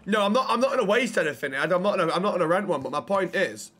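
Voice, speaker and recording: A man's voice: high-pitched, animated, fast talker, fairly bright tone. A man, casually bantering and joking while streaming a roleplay game. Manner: joking, sweary, chats to viewers. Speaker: streamer playing a roleplay character.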